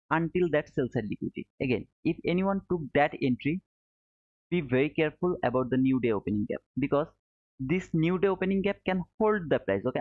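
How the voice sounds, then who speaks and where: A man teaching trading live, walking through charts step by step, repeating key points and calling his viewers brother. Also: fairly high pitch. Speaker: trading educator streaming live. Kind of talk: live chart commentary answering chat. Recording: narrow phone-like audio.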